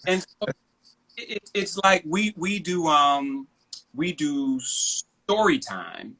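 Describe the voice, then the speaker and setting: A man's voice: on the high side, slow pace. A man in his thirties chatting casually on a video call, telling family stories animatedly and acting out his children's voices. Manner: animated storytelling, acts out his kids' voices. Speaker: guest. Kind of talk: casual chat.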